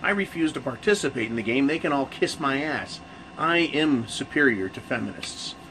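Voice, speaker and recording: A man's voice: mid-range voice, expressive, normal speed, pushed and bright, slight background noise, rough recording. A man hosting his own channel, talking casually to camera in a rambling, profane rant full of restarts. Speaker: channel host.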